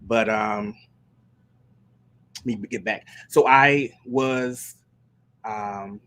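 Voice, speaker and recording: A man's voice: lowish voice, steady tone, very slow, fairly bright tone. A man who sings gospel and leads worship, chatting casually on a live stream and telling stories in a meandering way with many restarts. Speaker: gospel singer and worship leader.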